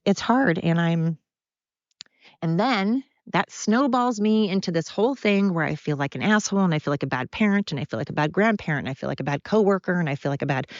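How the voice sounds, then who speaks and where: A woman's voice: medium pitch, no room sound, dull audio. A middle-aged woman hosting a confessional solo podcast from home, rambling and apologetic as she talks through her struggles. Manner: rambling, apologetic, openly emotional. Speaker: podcast host.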